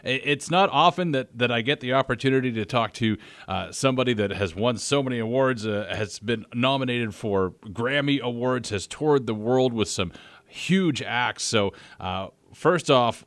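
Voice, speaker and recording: Ontario guy hosting, lower voice, wordy questions, dead dry sound. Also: normal speed, fairly bright tone, no room sound. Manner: friendly, wordy questions with repeats. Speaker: radio host. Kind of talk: interview.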